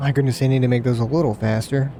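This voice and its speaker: Joking, mellow-voiced gaming host. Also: male voice, mid-range voice, steady tone, very fast, a little hiss or hum. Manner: joking, rambling, self-mocking. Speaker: let's play host. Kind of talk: casual gameplay commentary.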